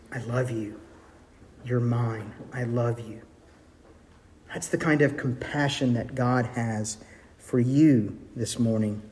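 A man preaching a sermon as pastor, earnest, with shifts of pace and soft, hushed quoted lines. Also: medium pitch. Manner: earnest, varies pace, drops to soft intimate tones for quotes. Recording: long hall reverb.

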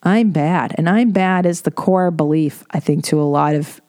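A woman's voice: sits low, fairly even intonation, normal speed, darkish tone. A middle-aged woman hosting a podcast, talking in a candid, rambling way and swearing freely. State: tearful. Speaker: podcast host. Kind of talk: casual monologue.

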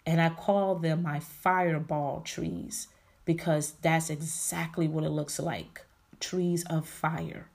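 A woman's voice: low-pitched, steady tone, slow pace, gravelly, darkish tone. A woman hosting a faith-based podcast, giving a motivational talk full of repeated affirmations and calling listeners "y'all" and "honey.". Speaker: podcast host.

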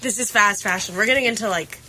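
A young woman from upstate New York, a college student chatting casually on a podcast, animated and full of "like". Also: mid-range voice, fast, slight background noise. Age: young adult. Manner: chatty, animated storytelling with frequent "like". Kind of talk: casual chat.

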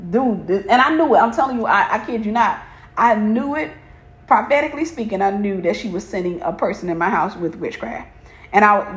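A woman's voice: medium pitch, roomy sound. A woman telling a personal story to her viewers, stressing points by repeating phrases. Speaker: faith and relationship talk host.

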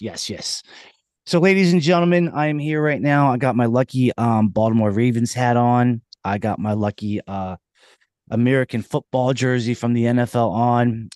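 A man hosting a podcast interview like an excitable showman, hyping his guest and often restarting his sentences. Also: mid-range voice, no room sound, studio quality. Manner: hyped-up showman, stammering restarts. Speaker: podcast host. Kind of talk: casual interview. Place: recording studio.

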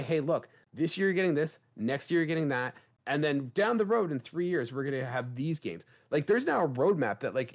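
A man co-hosting a gaming podcast, talking in an emphatic way and asking rhetorical questions. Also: mid-range voice. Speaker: podcast co-host. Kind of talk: casual chat.

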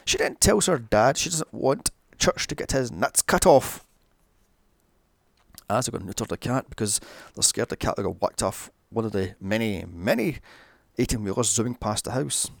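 Gravelly man ranting through a movie recap. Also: medium pitch, lively intonation, moderate pace, dry recording. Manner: profane, ranting, mocking asides. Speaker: film recap commentator. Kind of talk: sarcastic movie recap narration.

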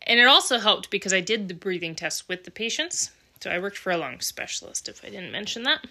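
A woman's voice: medium pitch, big pitch swings, fairly quick, sharp tone. A young adult woman hosting a podcast, telling personal stories in an earnest, emotional way and swearing casually. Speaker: podcast host. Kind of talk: candid personal monologue.

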